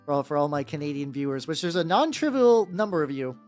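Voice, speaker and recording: A man with a higher-register voice streaming as he paints miniatures, chatting casually with viewers and rambling with lots of "like" and restarts. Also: sing-song, quick pace, a little mellow, soft background music. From United States. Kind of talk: casual livestream chat.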